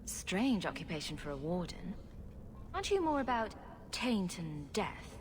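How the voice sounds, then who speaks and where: A woman's voice: fairly low pitch, very animated, a little slow, slight background noise. An actress playing a wry female adventurer in a game, teasing.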